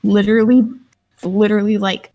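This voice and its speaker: A woman's voice: medium pitch, flat delivery, a little fast, warm tone, rough recording. A young woman chatting casually while gaming, telling stories with lots of fillers. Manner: chatty storyteller, many fillers. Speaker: guest streamer and artist.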